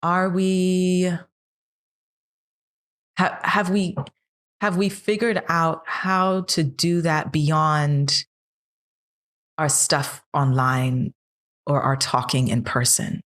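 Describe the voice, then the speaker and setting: A woman in her thirties with a notably low voice, chatting on a podcast. She talks earnestly and keeps pressing questions, building steam as she goes. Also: fairly even intonation, extremely slow, pauses often, a bit bright. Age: 30s. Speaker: podcast co-host. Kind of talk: casual chat.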